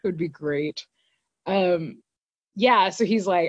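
A woman's voice: mid-range voice, unhurried, no echo. A woman co-hosting a podcast, recapping an episode in casual, laughing, filler-heavy chat. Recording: dull lo-fi dry recording.

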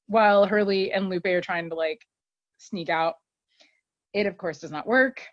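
A woman's voice: medium pitch, fairly even intonation, moderate pace, dry recording. Woman podcast host, casual recap, dull dry recording. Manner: chatty, filler-heavy, laughs often.

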